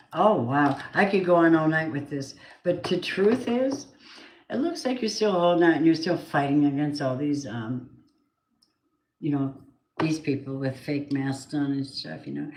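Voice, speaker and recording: A woman's voice: sits low, darkish tone. A woman giving a casual tarot card reading, chatty and blunt, swearing now and then. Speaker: tarot reader. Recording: roomy echo, faint noise.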